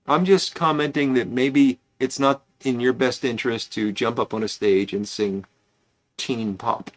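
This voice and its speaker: A man's voice: medium pitch, steady tone, unhurried. A man hosting a casual pipe-smoking livestream, rambling and chatty as he greets viewers by name.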